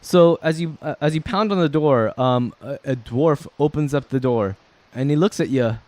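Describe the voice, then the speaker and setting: A man's voice: mid-range voice, normal speed, darkish tone, no room sound. A man narrating as game master in a loose, chatty way with many fillers.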